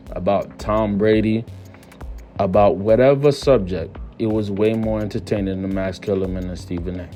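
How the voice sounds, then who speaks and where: A man's voice: medium pitch, a little mellow. A man hosting his own channel, giving solo sports media commentary in a casual, emphatic way and repeating phrases for stress. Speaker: YouTube commentary host.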